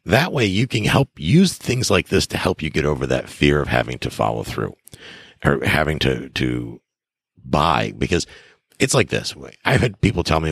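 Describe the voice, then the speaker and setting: A man's voice: very deep voice, sing-song, normal speed, creaky, husky, no echo, clean studio sound. A middle-aged man hosting a podcast, giving casual advice in an enthusiastic, emphatic way and acting out conversations. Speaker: real estate investor and podcast host.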